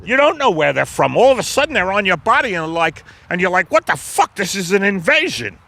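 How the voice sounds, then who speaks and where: Guy doing a grumpy husband, gravelly, fed up and defensive. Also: sits high, sing-song, a little fast, sharp tone, pitched above the performer's own voice, exaggerated voice. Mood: exasperated. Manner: exasperated, defensive grumbling. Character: grumbling middle-aged husband Al.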